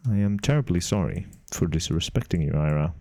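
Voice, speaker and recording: A man's voice: deep voice, fairly quick, mellow, dry recording. A man streaming while he works, chatting casually with his viewers in a playful, dry, teasing way and chuckling now and then. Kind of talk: casual live-stream chat while working.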